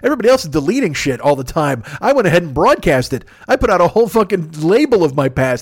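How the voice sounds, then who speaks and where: A man's voice: a little high, big pitch swings, quick pace, few pauses, breathy edge. A man in his fifties doing a rambling, profane, self-mocking solo comedy podcast from his apartment, talking into a microphone turned sideways. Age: 50s. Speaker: podcast host.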